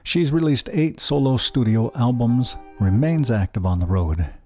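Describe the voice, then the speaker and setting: A man's voice: mid-range voice, animated, a little slow, dark tone. A man hosting a music radio show, chatting casually between songs with light self-deprecating asides, on a close studio microphone. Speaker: radio host.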